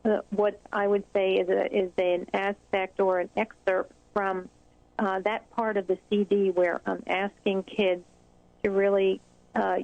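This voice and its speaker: A woman's voice: mid-range voice, gravelly, no room sound. A woman hosting an interview in an encouraging, conversational way with many fillers. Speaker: interview host, child anxiety specialist. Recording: dull, dry lo-fi audio.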